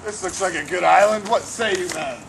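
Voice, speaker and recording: A man's voice: high voice, brisk, vocal fry, noisy background. A young man playing a pompous, over-the-top hero in an amateur comedy film, speaking outdoors in a mock-heroic tone. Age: young adult. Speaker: lead actor playing the hero. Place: outdoors in a backyard.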